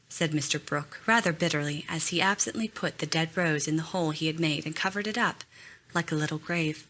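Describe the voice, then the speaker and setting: A woman narrating a classic novel as an audiobook, reading in a measured, expressive way. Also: deep voice. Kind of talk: scripted narration.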